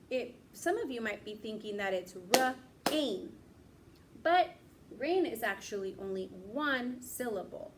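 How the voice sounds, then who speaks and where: A woman teaching young children, slowly stretching out words and encouraging them to repeat. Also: on the high side, background noise. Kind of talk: classroom lesson for young children.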